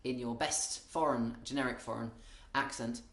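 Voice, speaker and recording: A man's voice: mid-range voice, steady tone, normal speed, fairly bright tone, roomy sound. A British man delivering a comic monologue in a wry, rambling way, often breaking off and restarting his sentences. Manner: wry, rambling, self-interrupting. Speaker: comedian.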